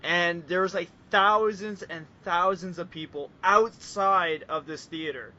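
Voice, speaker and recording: A man's voice: sits high, unhurried, pushed and bright, highs cut off. A young man from Canada co-hosting a casual podcast, rambling with lots of fillers and breaking into giggles. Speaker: podcast co-host. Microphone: online voice call.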